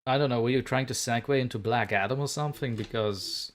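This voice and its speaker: A man's voice: mid-range voice, fast. Man hosting a playful livestream chat. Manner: playful, teasing banter while reading chat aloud. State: just got home, a bit scatterbrained. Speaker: livestream host.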